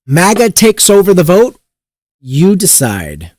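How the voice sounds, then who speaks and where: A man hosts a political talk show and rants with heat and plenty of profanity. His voice swings widely in pitch and sits a bit high for a man. The sound is dry and close, with no room echo. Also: huge pitch swings, takes it slowly, a little mellow. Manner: heated, profane, mocking voices. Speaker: political commentary host. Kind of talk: casual political commentary.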